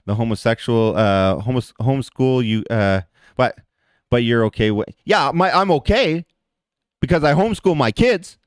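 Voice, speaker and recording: A man's voice: medium pitch, expressive, normal speed, smooth, no room sound. Man ranting heatedly in a livestream. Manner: addresses chat viewers directly. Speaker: livestream host. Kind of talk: livestream rant.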